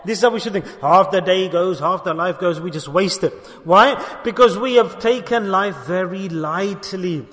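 High-pitched and a bit bright, this preacher talks at a normal speed, sincerely posing rhetorical questions to his audience during a sermon that rings with long hall reverb.

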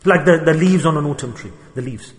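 A man giving an emotional sermon, retelling stories in an animated way and voicing the people in them. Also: fairly high pitch, brisk, big-room sound. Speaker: Islamic preacher. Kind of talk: sermon with storytelling.

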